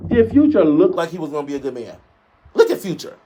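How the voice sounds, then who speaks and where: A man's voice: sing-song, fast talker, mellow, lo-fi sound, a little hiss or hum. A man co-hosting a casual gossip talk show, sassy and emphatic, full of shade. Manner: sassy, shady, emphatic with big pitch jumps. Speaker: co-host.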